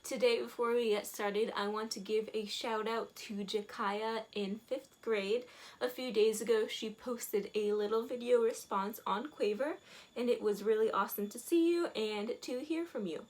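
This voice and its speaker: A woman's voice: fairly high pitch, moderate pace. A woman teaching a virtual music lesson to elementary school children, explaining simply and encouragingly.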